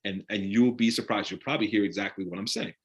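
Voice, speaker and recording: A man leading a live discussion, asking the audience direct questions in an animated way. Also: fairly low pitch, fast talker. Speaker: discussion leader on a live stream. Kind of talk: interactive talk with the audience.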